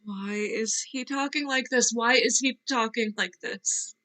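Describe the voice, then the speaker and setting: A tearful, restless young actress, as a woman reads her in a virtual read-through. Her bright, high-ish voice moves slowly and wavers, drifting off mid-thought. A wistful, fragile figure. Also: rough recording. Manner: wavering, laughing through tears, trailing off. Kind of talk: virtual play reading. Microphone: video call.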